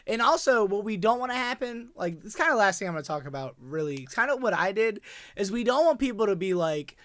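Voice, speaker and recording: A man hosting a casual podcast chat, animated and swearing freely, jumping into loud acted-out voices of other players. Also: high voice, no room sound. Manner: swears freely, fast and loose. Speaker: podcast host.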